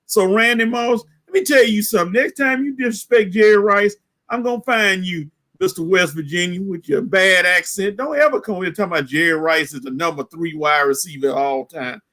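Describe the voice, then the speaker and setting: A middle-aged man co-hosting a sports talk show, delivering a fiery, preachy rant that builds to shouts. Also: high-pitched, a little fast. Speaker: co-host, former coach.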